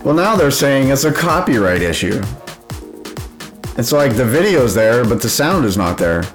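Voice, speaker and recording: A young man hosting his own show, telling stories in a blunt, profanity-heavy, loud casual rant with frequent laughs. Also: mid-range voice, big pitch swings, moderate pace, soft background music. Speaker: podcast host. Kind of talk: casual ranting monologue.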